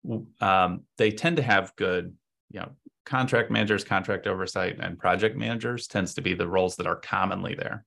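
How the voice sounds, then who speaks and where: Deep gravelly-voiced man explaining at length. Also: moderate pace, sharp tone. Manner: explanatory, thinking aloud in long answers. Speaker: podcast guest, agency co-owner. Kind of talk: casual interview talk.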